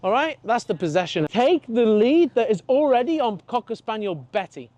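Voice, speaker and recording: A man working as a dog trainer, talking casually and swearing freely, acting out dogs and owners in animated voices. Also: very high voice, normal speed, no room sound. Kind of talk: casual consultation.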